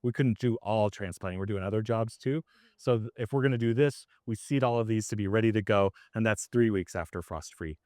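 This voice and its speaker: Casual, slightly hoarse farmer explaining. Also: male voice, on the low side, a little fast, a little mellow, no echo, studio quality. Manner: casual and conversational, with many fillers. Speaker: farmer leading a farm tour. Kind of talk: explaining while walking a group around. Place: outdoors on a farm field.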